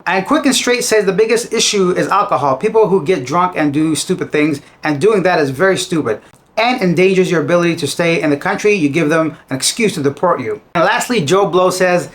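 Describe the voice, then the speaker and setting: A man's voice: high-pitched, lively intonation, fairly quick. A man hosting a casual news commentary channel, reading items aloud and then giving his own chatty opinions.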